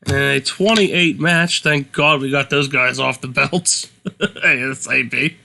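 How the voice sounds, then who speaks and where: A man's voice: mid-range voice, slow pace, vocal fry, bright, forceful tone. A man co-hosting a casual game commentary, laid-back and blunt as he reads out match results. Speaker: let's play co-host.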